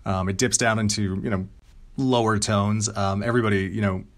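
A man's voice: lowish voice, brisk. A young man with a radio tone, answering interview questions casually with plenty of ums and you-knows. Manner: relaxed, conversational, many ums and you-knows. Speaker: voice actor and content creator. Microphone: home mic.

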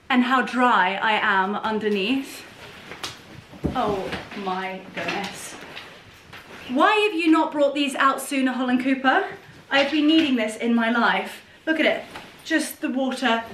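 Bubbly high-voiced woman. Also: a bit bright, a little hiss or hum. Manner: bubbly and affectionate, laughs often, coos at her dogs. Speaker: lifestyle vlogger. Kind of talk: casual vlog chat. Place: home kitchen, indoors. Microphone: camera set on a counter.

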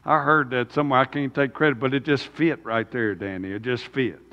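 A man's voice: medium pitch, brisk, lo-fi sound. A man preaching a sermon, folksy, throwing rhetorical questions at the congregation. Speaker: pastor. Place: church sanctuary. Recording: long church reverb.

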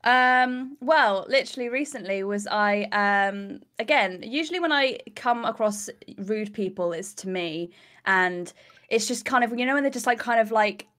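A young British woman co-hosting a gaming livestream, chatting in an animated way about what annoys her. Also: on the high side, moderate pace. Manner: animated, laughing, storytelling. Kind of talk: casual livestream chat.

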